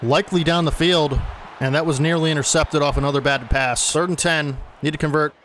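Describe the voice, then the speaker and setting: A young man commentates his own football video game play by play, talking casually and getting fed up when plays go wrong. His voice sits a bit high for a man. A faint hiss of noise runs under the recording. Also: steady tone, fairly quick, a bit bright. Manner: casual, gets agitated and exasperated at bad plays. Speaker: gaming channel host. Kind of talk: play-by-play commentary over gameplay.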